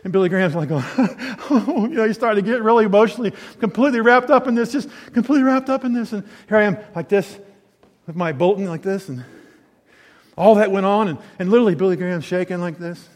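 A man's voice: sits high, quick pace, long reverb tail. A man preaching, telling a rambling personal story with self-corrections. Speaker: pastor.

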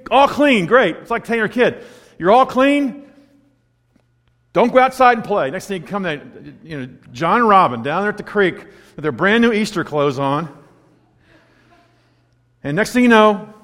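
A pastor with a high voice delivers a storytelling sermon, rising to emphatic peaks and dropping to near-whispered asides. His words ring out with a long reverb from a large hall. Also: animated, normal speed, long pauses. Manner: storytelling, swings from loud emphatic to hushed.

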